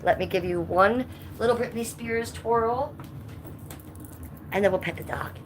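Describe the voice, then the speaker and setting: A woman's voice: fairly high pitch, measured pace, slight background noise. Blunt, sweary woman livestreaming from a phone. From Cleveland, US. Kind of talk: casual livestream chat, reading chat aloud. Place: at home, stepping outside in the cold. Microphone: phone held by hand.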